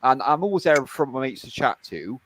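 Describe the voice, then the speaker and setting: A man's voice: mid-range voice, big pitch swings, fairly quick, fairly bright tone, a little hiss or hum. Blunt, sweary man chatting. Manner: blunt, swears a lot, repeats himself. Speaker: streamer. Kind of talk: casual chat.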